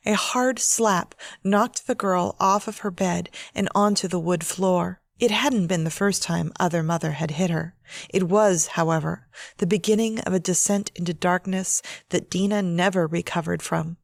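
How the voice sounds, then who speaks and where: A woman author reading her own novel aloud in a measured, steady audiobook narration. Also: on the low side, gravelly, no room sound.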